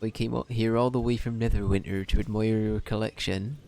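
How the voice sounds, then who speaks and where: Streamer doing a West Country halfling guy, lower-voiced, earnest. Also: steady tone, fairly quick, gravelly, dark tone. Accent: put-on English West Country. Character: generic, plain-spoken male halfling adventurer.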